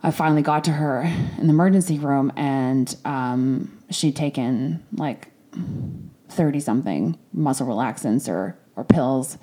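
A woman's voice: extremely low pitch, measured pace, dark tone. A woman telling a painful personal story in a candid monologue, frank and swearing freely, with many restarts and an emotional edge. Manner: emotional, at times near tears. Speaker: storyteller recounting a family crisis.

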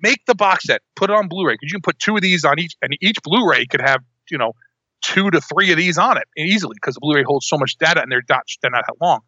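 Bright, animated man rambling. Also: on the high side, fast talker, husky, dry recording, dull audio. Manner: rambling, animated, self-interrupting. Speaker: podcast co-host. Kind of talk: casual chat.

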